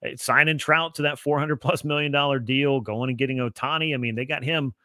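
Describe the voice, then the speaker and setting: A man appearing as a podcast guest, giving long, fluent explanations in relaxed conversation. His voice is bright and forceful, though his pitch is average. The recording is dry and has no room sound. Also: brisk, no room sound. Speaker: guest analyst. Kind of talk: casual sports podcast talk.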